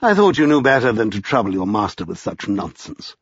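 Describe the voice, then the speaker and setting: A man playing a haughty, severe gentleman. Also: lowish voice, big pitch swings, fairly quick, breathy edge, dry recording, full character voice. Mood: scornful. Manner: severe, lofty, scornful. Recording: slightly dull lo-fi.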